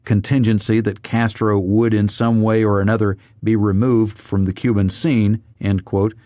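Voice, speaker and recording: A man narrating an audiobook of a government report in a measured way, reading out quotes and footnotes. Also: lowish voice, warm tone, no echo, studio quality.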